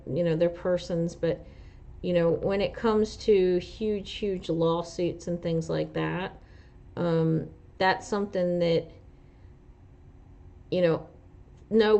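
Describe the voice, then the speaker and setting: A woman with a New Jersey accent, a truck driver and instructor, hosts a casual livestream, rambling with lots of fillers while answering viewer comments. Her voice is lowish, slow, steady, and a little mellow, heard through dull lo-fi livestream audio.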